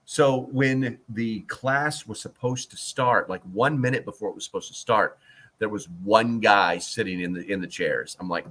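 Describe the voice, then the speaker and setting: A man's voice: lowish voice, normal speed, fairly bright tone. Rambling male livestream host. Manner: rambling, with many fillers and restarts; jokey, reads out the chat. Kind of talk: casual livestream chat.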